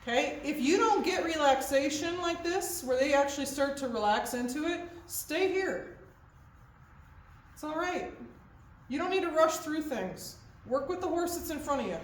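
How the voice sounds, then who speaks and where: A woman's voice: high-pitched, expressive, moderate pace. A woman horse trainer walks her viewers through a hands-on lesson step by step, often stopping to ask "okay?". Her voice is heard from a distance in a very echoey space, with faint noise underneath. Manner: explains step by step, checks in with "okay?". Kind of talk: hands-on instruction.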